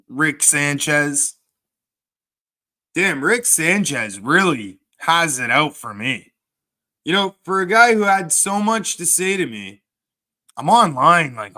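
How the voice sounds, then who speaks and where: Brief: male streamer, crude and sarcastic, slow-talking, bright tone. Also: fairly high pitch. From Canada. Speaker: livestreamer. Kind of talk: profane livestream banter reading chat.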